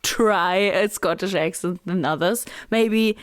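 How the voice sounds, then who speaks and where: A woman's voice: medium pitch, lively intonation, moderate pace. A woman in her twenties co-hosting a podcast, chatting casually with teasing, dry asides. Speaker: podcast co-host. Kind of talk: casual chat.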